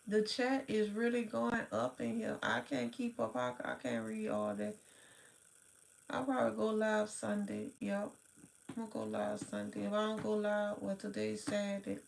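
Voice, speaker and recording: A tired, sleepy woman hosting a late-night livestream, chatting slowly with viewers in a rambling, drawling way, sighing and yawning. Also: medium pitch, flat delivery, creaky, a little hiss or hum. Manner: slow, drawling, rambling talk with sighs and yawns. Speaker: livestream host.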